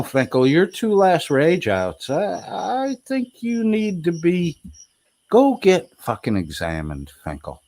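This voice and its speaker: A man taunting and mocking as he talks over replayed clips, cursing freely. His pitch swoops up and down constantly. He takes his time, leaning on each jab. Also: darkish tone. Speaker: streamer reacting to clips.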